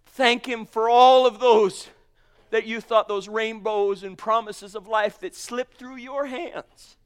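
A man preaching a sermon with fervor, swinging between booming exclamations and hushed murmurs, calling his listeners honey and sweetheart. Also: fairly even intonation, slow, smooth.

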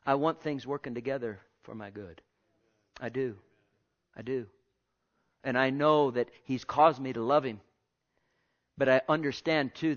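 A male pastor preaching a sermon, swinging between loud and hushed and repeating his phrases, with questions put straight to the congregation. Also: medium pitch, dull audio. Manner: asks the congregation direct questions.

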